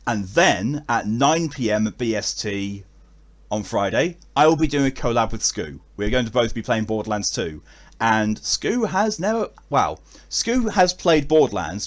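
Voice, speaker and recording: Rambling English man, low voice. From England. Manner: rambling, many fillers and restarts. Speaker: streamer. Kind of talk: casual end-of-stream chat.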